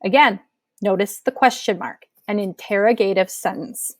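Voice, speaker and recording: A woman teacher giving a recorded grammar lesson, explaining clearly and patiently with example sentences. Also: mid-range voice, moderate pace, no room sound.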